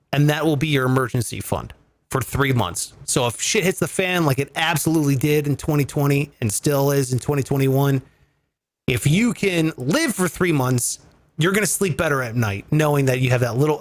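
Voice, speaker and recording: Male podcast host, comedic money talk, animated, higher voice. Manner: animated, swearing, joking rants. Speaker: comedy finance show host.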